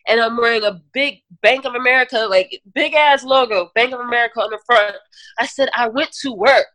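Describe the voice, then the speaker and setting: A woman guest giving an earnest personal testimony in an interview, talking in halting runs with restarts and fillers. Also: on the high side, bright, forceful tone, no echo. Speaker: podcast guest.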